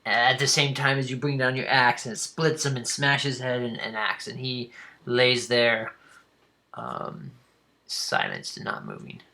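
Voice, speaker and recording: A man running a tabletop game as game master, describing the scene in an unhurried way with frequent ums. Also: mid-range voice, expressive, creaky, bright, forceful tone.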